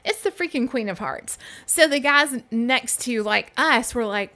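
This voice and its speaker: A woman's voice: on the high side, normal speed. A woman co-hosting a podcast in a casual chat, telling stories and acting out the people in them. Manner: animated, acts out the voices in her stories, laughs a lot. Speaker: podcast co-host.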